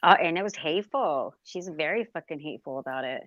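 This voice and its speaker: A woman's voice: sits low, expressive, fast talker, a bit bright, dry recording, lo-fi sound. A woman co-hosting a casual livestream chat, blunt and indignant, swearing freely. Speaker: livestream co-host.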